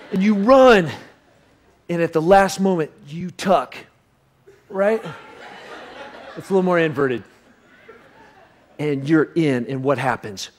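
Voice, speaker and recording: Unhurried and given to long pauses, a pastor tells a lively story in his sermon. He breaks out in sudden loud bursts, then softens to a low voice when reflecting.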